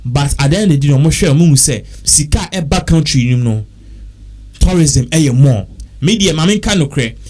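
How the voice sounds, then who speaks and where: A man's voice: on the high side, animated, normal speed, a little mellow. A man with a Ghanaian accent, talking casually and repetitively, working through figures aloud. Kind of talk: casual talk mixing English and Twi.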